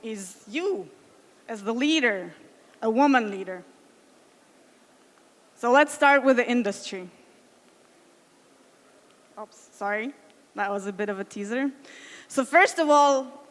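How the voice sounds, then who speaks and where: Woman, thirties, conference speaker; earnest, filler-heavy English; a little high, long hall reverb. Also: fairly bright tone. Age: 30s. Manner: earnest, with frequent fillers and restarts. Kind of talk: conference talk.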